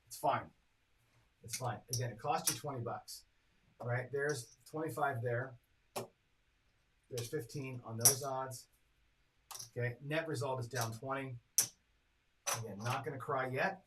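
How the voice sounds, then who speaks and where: Guy streaming craps, calling rolls and doing the math out loud, noisy background with clicks. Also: medium pitch, steady tone, a little slow, long pauses. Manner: chatty, reads dice rolls and tallies bets aloud; talks to chat viewers directly. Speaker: craps strategy host. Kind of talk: casual live-stream commentary.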